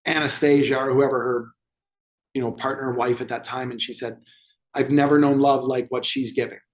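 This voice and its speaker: Here the movement therapy expert speaks in a mid-range, level voice at a normal speed. As an interview guest, he recounts a client story and animatedly plays out the dialogue.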